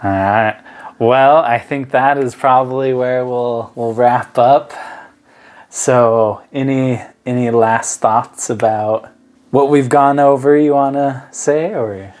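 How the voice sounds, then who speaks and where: A man talks through faith topics in an easy, meandering way, earnest and unhurried, at an ordinary middle pitch. He sounds like a co-host in a relaxed conversation among friends. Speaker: podcast co-host. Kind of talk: casual religious discussion.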